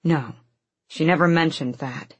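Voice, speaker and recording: A woman voicing an earnest, insistent male warrior in an audiobook, low and husky. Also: measured pace, no room sound. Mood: urgent.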